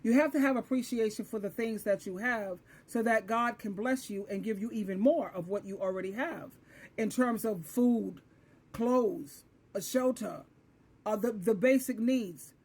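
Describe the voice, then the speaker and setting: Woman, high voice, earnest and emphatic host talking faith. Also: a little mellow, husky. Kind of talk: religious commentary.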